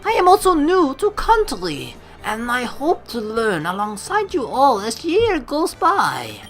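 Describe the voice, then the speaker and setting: A woman's voice: high-pitched, huge pitch swings, a little slow, faint music behind, pitched above the performer's own voice, exaggerated voice. A woman voicing a theatrical female ghost-class teacher with a put-on mock French accent, flowery and melodramatic. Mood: dreamy.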